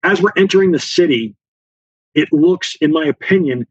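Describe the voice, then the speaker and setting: A man speaking in a fairly high, husky voice, recounting events as a guest on an interview show. He acts out the lines of the people in his story and talks with frequent fillers. The sound is dry and a bit muffled. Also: moderate pace, no echo. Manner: animated storyteller, acts out dialogue, many fillers. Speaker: guest author, former Special Forces officer.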